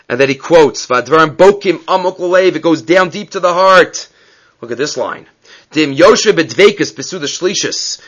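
A man's voice: a little high, expressive, normal speed, a bit bright, highs cut off. A man teaching an evening text study class, reading passages aloud and then explaining them with rhetorical questions. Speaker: Torah teacher.

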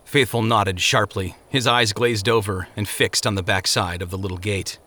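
A man narrating an audiobook chapter with expressive, vivid storytelling. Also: on the low side, normal speed.

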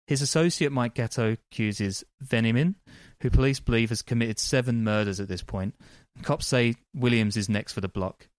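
A man's voice: mid-range voice, normal speed, no room sound, clean studio sound. A male podcast host telling a crime story in casual chat, with lots of ums and frequent laughs.

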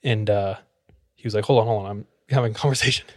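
A man co-hosts a podcast and tells a story in a casual, chatty way. He acts out the people in it, his pitch swinging up for their lines. The sound is dry and close. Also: quick pace, dry recording. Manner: animated, acts out quoted dialogue. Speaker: podcast co-host.

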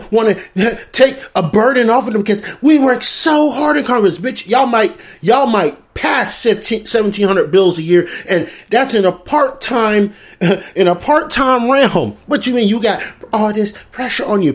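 A man with a fairly high voice rants about politics in slow, drawn-out phrases. He is profane and keeps breaking into laughter as he mocks the news. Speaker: commentary show host. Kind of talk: comedic political rant.

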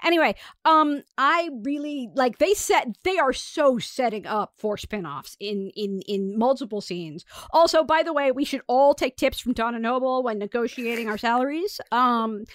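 A woman's voice: fairly high pitch, lively intonation, moderate pace, few pauses, a bit bright, dry recording, studio quality. A young adult woman co-hosting a podcast, chatting casually with frequent fillers and laughter. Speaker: podcast co-host. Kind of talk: casual chat.

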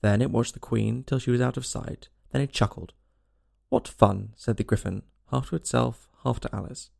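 A man narrating a storybook in an expressive, animated way. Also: mid-range voice, fairly quick, gravelly. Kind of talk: storybook reading.

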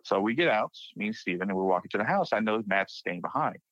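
A young man from Texas, a podcast guest, casually retelling a personal paranormal experience and acting out his friends' panicked lines with lively shifts. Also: lowish voice, fast talker, no room sound. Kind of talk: casual spoken storytelling. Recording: dry, dull lo-fi podcast mic.

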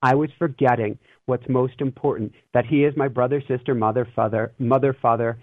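A man's voice: mid-range voice, steady tone, fairly quick, no room sound. A man as a guest, talking earnestly and reflectively about love and fear, often breaking into a laugh. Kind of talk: casual spiritual talk. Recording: tinny phone-line sound.

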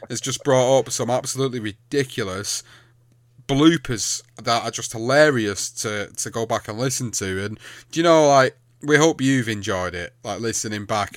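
A man's voice: medium pitch, no room sound, clean studio sound. A man co-hosting a podcast, rambling cheerfully with frequent laughs and restarts. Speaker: podcast co-host and editor. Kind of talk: casual chat.

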